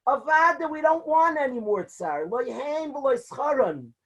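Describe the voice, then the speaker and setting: A man's voice: extremely high pitch, animated, normal speed. A man declaiming as a fervent old sage.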